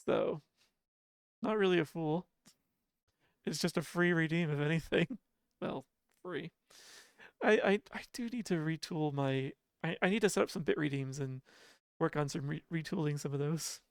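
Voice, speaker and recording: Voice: medium pitch, normal speed, clear, resonant tone, no room sound, clean studio sound. A livestreamer chatting casually with viewers from home, laughing often and poking fun at themselves. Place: home apartment.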